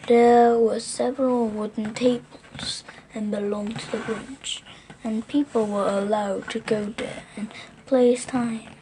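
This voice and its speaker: A woman reading a children's storybook aloud slowly and carefully, with occasional slips. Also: a little high, fairly even intonation, warm tone, a little hiss or hum. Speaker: reader.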